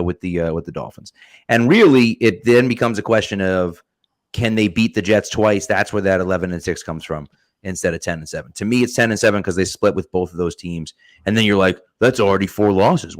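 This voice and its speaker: A man defending his team as a guest on a sports podcast, arguing emphatically and repeating his points insistently. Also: lowish voice. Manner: emphatic, argumentative, insistent repetition. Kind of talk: casual sports podcast debate.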